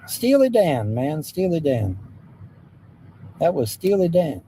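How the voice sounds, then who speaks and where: Man, livestream host, casual chat with viewers, playful and joking, slightly high voice, mellow tone. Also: big pitch swings, takes it slowly, a little hiss or hum, low-quality recording. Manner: joking, playful, drifts into sung snippets.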